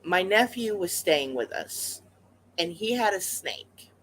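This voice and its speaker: A pet vlogger chats through a story at a mid-range pitch, circling back with fillers like "um" and "you know" and restarting sentences as thoughts catch up. The tone is conversational and unscripted, spoken straight to the camera. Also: big pitch swings, slow pace, fairly bright tone, a little hiss or hum, poor audio. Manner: rambling, with many fillers and restarts; chatty and conversational.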